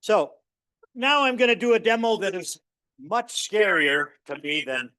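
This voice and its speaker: A middle-aged man teaching a university physics lecture, explaining with stories and demos in an animated storytelling way. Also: measured pace, no echo. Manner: animated storyteller, acts out dialogue with rising pitch. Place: lecture hall.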